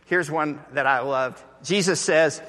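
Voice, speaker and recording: A pastor preaching a sermon, telling stories animatedly and acting out the voices of the people in them. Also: male voice, a little high, measured pace, bright, forceful tone. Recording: echoey hall.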